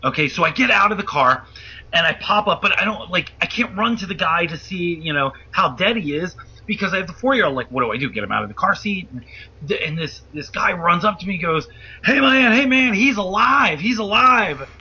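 A man telling a wild story as a guest, animated and profane, acting out the voices of the people in it. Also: on the high side, quick pace, slightly rough. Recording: muffled lo-fi audio.

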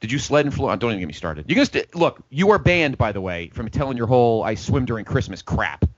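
Lively rambling male sports host. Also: mid-range voice, quick pace, dry recording. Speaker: sports talk show host. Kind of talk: casual sports talk chat. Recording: dull, lo-fi podcast audio.

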